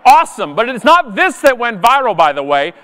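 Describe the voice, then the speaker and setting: Man, sharp-witted keynote storyteller, high voice, long reverb of a big hall. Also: sing-song, brisk. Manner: sarcastic, punchy storytelling. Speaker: conference speaker. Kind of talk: comedic keynote talk. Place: large conference hall.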